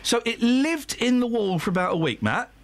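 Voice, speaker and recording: A man's voice: very high voice, big pitch swings, normal speed, gravelly. A man hosting a casual radio show, telling a rambling story and teasing his co-hosts with mock outrage. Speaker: radio host. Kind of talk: casual studio banter. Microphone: studio microphone.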